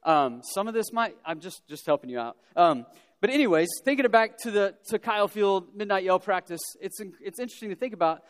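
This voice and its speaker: A man giving a casual, animated storytelling talk to young people, with lots of fillers and repeated words. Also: high-pitched, brisk. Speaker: youth speaker. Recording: long hall reverb.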